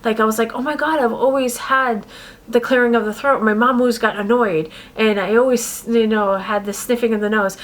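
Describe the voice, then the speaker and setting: A woman's voice: a little high, fairly even intonation, a little fast. A young woman telling her personal story to camera in a rambling, casual way, with sudden vocal tic outbursts. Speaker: vlogger.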